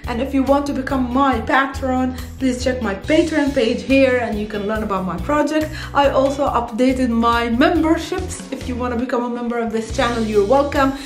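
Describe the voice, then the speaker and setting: A fairly high-voiced woman teaching Arabic in a relaxed video lesson. She laughs often and mixes English and Arabic phrases as she explains them. The room gives her voice a roomy echo. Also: normal speed, few pauses, faint music behind. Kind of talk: casual online language lesson.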